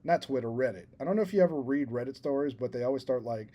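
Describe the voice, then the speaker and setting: A man co-hosts a casual podcast, telling a story at length. His voice is mellow and relaxed, and he mocks himself and laughs along as he talks. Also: medium pitch, fast talker, hardly any pauses. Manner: rambling storyteller, self-deprecating, laughs at himself. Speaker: podcast co-host. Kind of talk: casual chat.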